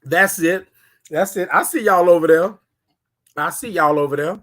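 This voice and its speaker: A man from Houston hosts a casual morning live stream. His voice sits a bit higher than most men's, and he keeps coaxing his viewers with repeated, sing-song call-outs. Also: normal speed, pauses often, fairly bright tone. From Houston, Texas.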